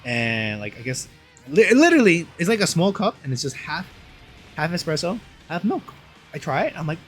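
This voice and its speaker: A man's voice: on the high side, very animated, normal speed, faint music behind. A young man chatting casually over gameplay, rambling and slangy with lots of "dude.". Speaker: gaming channel host.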